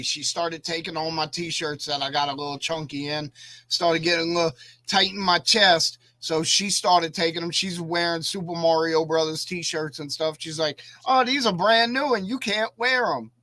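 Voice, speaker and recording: A man's voice: fairly high pitch, steady tone, moderate pace, bright, forceful tone, no echo. A man co-hosting a casual podcast, talkative and opinionated, telling stories with animation. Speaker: podcast co-host. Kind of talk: casual chat.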